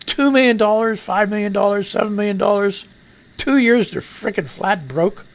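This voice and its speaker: A gravelly male talk radio host who rants about the news with plenty of swearing. His pitch swings widely and shoots up high when he gets worked up. He breaks off his read-aloud items with blunt asides. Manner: voice climbs high when excited, profane. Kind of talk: ranting news commentary.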